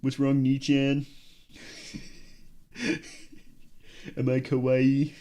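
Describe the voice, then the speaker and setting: A man's voice: medium pitch, monotone, extremely slow, warm tone. A man putting on a cutesy, fawning anime-character voice as a joke on a livestream. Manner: sugary, fawning, playful.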